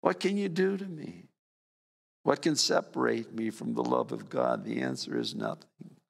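An older man preaching a sermon as pastor, his voice swinging from raised emphasis down to low, quiet lines. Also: gravelly, in a large hall. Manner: preaching with sweeping rises and drops in pitch.

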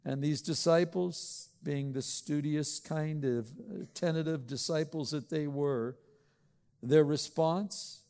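High-voiced male pastor in echoing hall. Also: slow pace, creaky, mellow. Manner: conversational, joking, asks the congregation questions. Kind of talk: sermon.

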